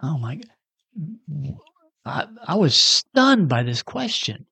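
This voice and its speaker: A man's voice: a little high, big pitch swings, takes it slowly, vocal fry, pushed and bright, breathy edge, dry recording. A man in his sixties telling a personal story in a casual, self-deprecating way and acting out the dialogue. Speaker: storyteller giving a personal testimony.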